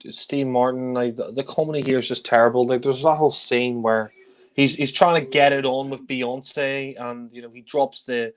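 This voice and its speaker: A man giving a casual spoken film review, blunt and critical, with frequent sighs and filler words. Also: medium pitch.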